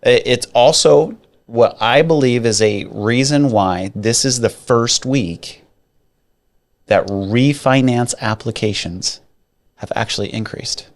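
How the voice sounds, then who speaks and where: A man's voice: medium pitch, takes it slowly. A middle-aged man co-hosting a casual podcast as a mortgage lender, playful and jokey as he talks numbers.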